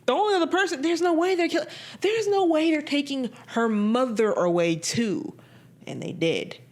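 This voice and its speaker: A woman vlogger giving a casual, animated movie review, emphatic and swinging between excited high bursts and low, flat drops. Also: normal speed.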